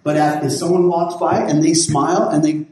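A man's voice: fairly high pitch, flat delivery, normal speed, darkish tone, a little hiss or hum. A man who is a pastor, telling stories casually in a rambling, folksy way with many restarts. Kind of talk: casual storytelling. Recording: very echoey room.

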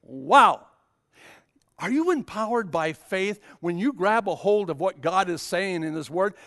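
A man's voice: high voice, expressive, a little slow, a bit bright. An older man preaching a sermon, telling a Bible story and rising to fervent emphasis.

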